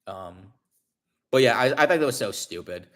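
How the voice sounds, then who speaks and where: A man in his forties chatting casually to his livestream viewers, rambling, restarting often and telling an animated story. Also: medium pitch, moderate pace. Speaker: livestream host.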